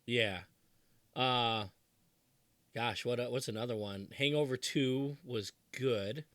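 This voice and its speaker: Man, 30s, animated podcast co-host, dry close sound. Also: medium pitch, takes it slowly, dry recording. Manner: animated, quotes movie lines in put-on voices. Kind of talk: casual chat.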